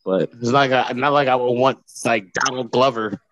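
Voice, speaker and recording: A man's voice: medium pitch, fairly even intonation, moderate pace, a bit bright, no echo, highs cut off. A young man co-hosting a podcast, arguing his opinions casually with curse words and restarts. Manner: opinionated, profane, hesitant restarts. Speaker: podcast co-host. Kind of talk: casual chat.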